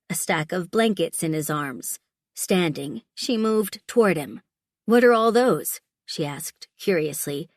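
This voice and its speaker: Steady woman narrating a romance audiobook. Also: fairly low pitch, no echo, clean studio sound. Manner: steady, measured storytelling. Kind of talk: scripted narration.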